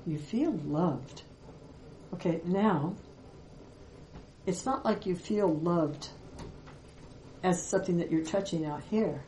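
A woman spiritual teacher giving a reflective Vedanta talk, with many pauses and fillers. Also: fairly low pitch, expressive, warm tone, roomy sound, slight background noise, rough recording.

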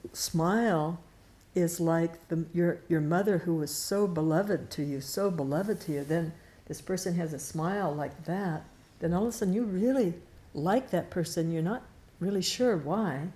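Woman teacher, low gravelly warm voice, chatty scripture talk, restarts a lot. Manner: conversational, repeats and restarts words, laughs lightly. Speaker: Vedanta teacher.

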